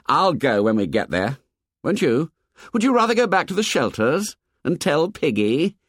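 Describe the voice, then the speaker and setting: Man voicing a sneering proud boy leader, tight clipped delivery, higher pitch, dry sound. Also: very animated, moderate pace, a bit bright, no room sound. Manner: hot, clipped, challenging.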